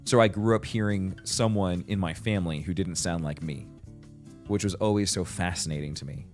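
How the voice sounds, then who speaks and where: A man's voice: low-pitched, moderate pace, darkish tone, soft background music. A man in his thirties hosting a livestream, chatting casually with lots of fillers, restarts and laughs. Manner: rambling, many fillers and restarts, laughs often. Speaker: livestream host. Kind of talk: casual chat with chat readers.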